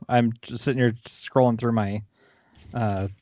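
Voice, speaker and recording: A man's voice: mid-range voice, steady tone, a little slow, a little mellow, no room sound, muffled recording. A man co-hosting a podcast, tossing in dry, sarcastic remarks. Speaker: podcast co-host. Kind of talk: casual chat.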